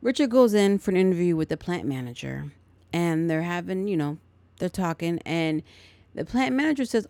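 A woman's voice: on the low side, expressive, normal speed, darkish tone, no echo. A woman podcast host casually recapping a film plot, chatty and full of her own asides. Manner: chatty, editorializing.

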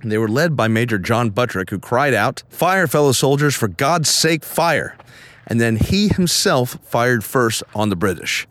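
A man's voice: fairly low pitch, a bit bright, no echo. A man hosting a podcast, narrating an on-location travelogue outdoors at historic sites and reading monument inscriptions aloud with relish. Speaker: podcast host.

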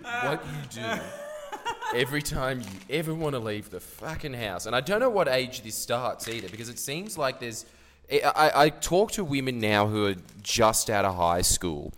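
A man's voice: mid-range voice, animated, normal speed, hardly any pauses, a bit bright, long reverb tail. A man, ranting brashly as a podcast co-host in casual comedic chat. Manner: brash, ranting, mock-outraged.

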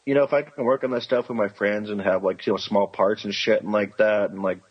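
A young man with a very husky, rough voice chats casually on a podcast. He rambles and swears his way through his stories and slips into the voices of people he quotes. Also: fairly low pitch, fairly even intonation, brisk, dull audio. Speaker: podcast co-host. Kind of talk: casual chat.

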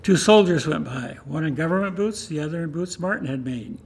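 A man's voice: on the high side, a little fast, breathy edge. Man reading a story in church. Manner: steady, plain storytelling. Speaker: reader in a church service.

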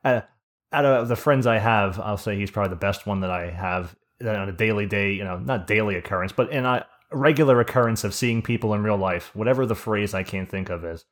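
Low-voiced man hosting a rambling chat. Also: a little fast. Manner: rambling storyteller with many fillers. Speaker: podcast host. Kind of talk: casual chat.

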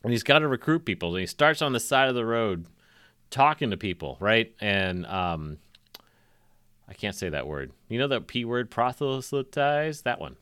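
A man's voice: mid-range voice, animated, moderate pace, a bit bright, clear, resonant tone, dry recording, studio quality. A man co-hosting a comedy podcast in casual chat, rambling and poking fun at himself. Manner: rambling and self-mocking. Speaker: podcast co-host.

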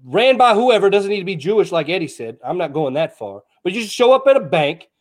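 Speaking fairly quickly in a high voice, this man co-hosts a podcast and pushes his argument in a loose, profane, heated back-and-forth.

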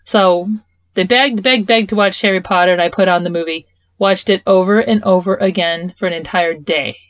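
A woman's voice: fairly low pitch, moderate pace, no room sound. A middle-aged woman, a podcast guest, chatting casually and telling stories with amusement. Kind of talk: casual chat.

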